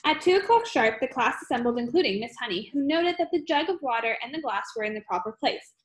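Brief: woman storybook narrator, fairly high pitch, steady reading. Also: quick pace. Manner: steady reading with some slips and fillers. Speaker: audiobook reader.

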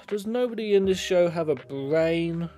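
A man's voice: sits high, animated, unhurried, dark tone, faint music behind. A man giving comedic commentary, sarcastic and exasperated, swearing freely. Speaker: video commentator.

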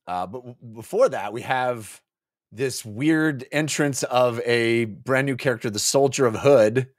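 A man's voice: medium pitch, measured pace, no echo, studio quality. A man co-hosting a casual book discussion podcast, rambling and playful, with many fillers. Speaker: podcast co-host.

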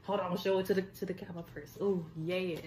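Filming on her phone camera, a woman vlogger unboxes makeup in a casual, excited chat, gushing, laughing, and repeating herself. Her voice is on the low side and darkish, her tone steady, and she talks very fast. A little hiss or hum sits under the audio.

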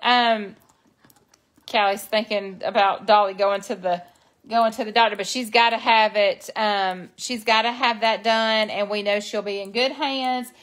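A woman's voice: mid-range voice, fairly even intonation, unhurried, fairly bright tone. A woman chats casually into her phone during a live stream. Her speech is folksy and soothing, meant to reassure. She sounds like she's talking to close family and friends.

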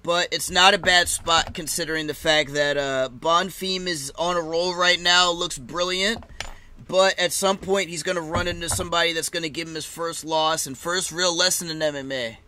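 A man's voice: a little high, fairly even intonation, normal speed, pushed and bright, a little hiss or hum. A man casually chatting and laughing as he reacts live to a fight card, with loose, swearing banter.

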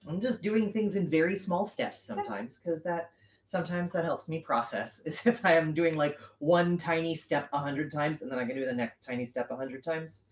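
A host chatting casually on a livestream while sewing, rambling and correcting themself, quick to laugh. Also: medium pitch, a little hiss or hum. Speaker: stream host. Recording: roomy, muffled home stream audio.

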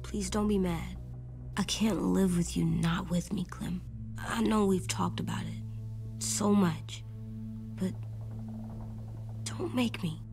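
A woman voicing a troubled, earnest young boy in a video game, speaking in a hushed, halting, childlike way, with game music behind. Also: fairly low pitch, fairly even intonation, creaky. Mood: pleading upset.

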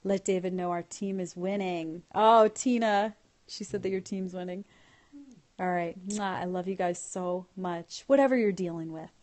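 Lower-voiced woman hosting a phone livestream. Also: moderate pace, darkish tone. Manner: effusive, thanking viewers and blowing kisses. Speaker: livestream host. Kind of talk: casual livestream chat, reading out viewer comments.

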